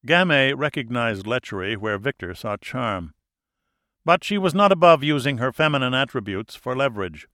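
Guy narrating a novel, measured and even, middle pitch, dry close mic. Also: no room sound. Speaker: audiobook narrator. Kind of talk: scripted narration.

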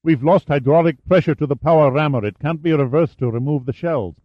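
A man's voice: fairly high pitch, brisk, lo-fi sound, voice pushed up, lightly acted. A man voicing a tense crewman reporting trouble. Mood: alarmed. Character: anxious male crewman reporting a fault.

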